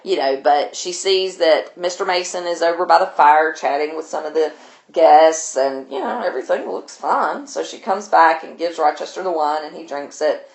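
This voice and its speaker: A woman's voice: sits low, normal speed, vocal fry, reverberant. A woman teacher, casually retelling a novel for her class in a loose, chatty way. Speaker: literature teacher.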